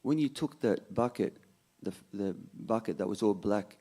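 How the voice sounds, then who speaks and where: A man voicing a patient, wise old grandfather in a story told during a sermon, in his own low voice. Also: moderate pace, dark tone, breathy edge.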